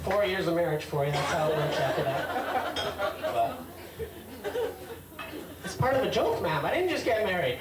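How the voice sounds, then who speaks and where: This stand-up comic has a high, sing-song voice, a moderate pace and frequent pauses as he rambles hesitantly and talks back to hecklers. The audio is very noisy, with roomy club acoustics, a distant mic and a loud crowd.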